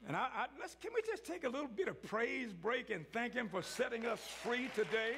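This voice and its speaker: High-voiced preacher building to shouts. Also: male voice, sing-song, a little fast, background noise. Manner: call-and-response preaching, rising to shouts. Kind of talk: sermon.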